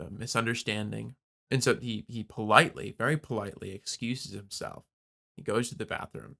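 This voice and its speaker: A man's voice: mid-range voice, pushed and bright. A man co-hosting a podcast, talking through a film's scenes in a thoughtful, casual way. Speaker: podcast co-host. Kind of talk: casual film discussion.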